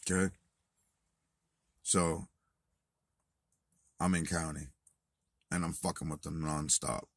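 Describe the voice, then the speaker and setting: A deep-voiced man with a husky edge tells a rambling story straight to camera, swearing freely. He drops to a mutter, then bursts out loud. The sound is dry and close. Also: takes it slowly, no room sound. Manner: profane, animated retelling, swings from muttered to shouted. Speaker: vlogger. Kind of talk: casual storytelling monologue.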